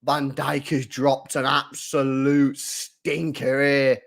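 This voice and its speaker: A young man streams a live football watchalong. He talks at an unhurried pace with a middling pitch, then breaks into excited shouts and laughs as he chats with his viewers. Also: vocal fry.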